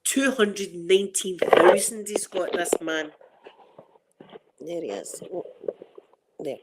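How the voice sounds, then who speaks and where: A woman's voice: fairly low pitch, slow, heavy background noise. A middle-aged Scottish woman hosting an ASMR channel, chatting casually and rambling to her viewers. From Scotland. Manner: chatty and rambling, with frequent restarts and laughter.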